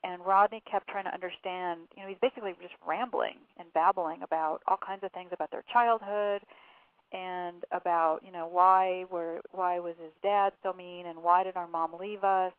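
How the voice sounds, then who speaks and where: A woman with a lowish voice tells a story in a phone interview, acting out bits of dialogue between her fillers. The call sounds tinny and dry, as if heard down a narrow phone line. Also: steady tone, normal speed, dry recording. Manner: recounting events with quoted dialogue and fillers. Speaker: author and interview guest.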